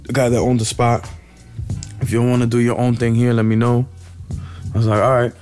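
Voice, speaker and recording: A man's voice: mid-range voice, flat delivery, fairly quick, darkish tone, faint music behind. Profane, loose-talking male comic. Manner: loose, profane storytelling with street slang. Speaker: podcast co-host. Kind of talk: casual banter.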